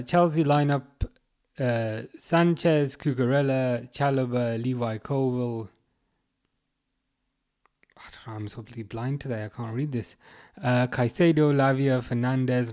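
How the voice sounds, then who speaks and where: A man hosting a live football watchalong, reading chat messages aloud and answering them in a chatty, halting way full of fillers and restarts. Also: mid-range voice, steady tone, a little mellow. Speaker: livestream host reading chat.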